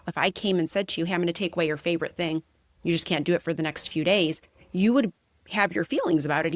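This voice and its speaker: A woman's voice: fairly low pitch, dry recording. A young woman hosting a podcast, talking through her ideas in a thoughtful, reflective way. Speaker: podcast host. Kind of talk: conversational interview.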